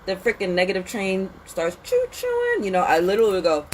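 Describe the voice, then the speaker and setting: Animated, slangy woman with a low voice. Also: a little fast, a little hiss or hum, low-quality recording. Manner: animated, slangy and conversational, with lots of "like" and "you know". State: sniffly with a runny nose from the cold. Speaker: spiritual reader and channel host. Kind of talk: casual spiritual pep talk. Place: outdoors in the cold.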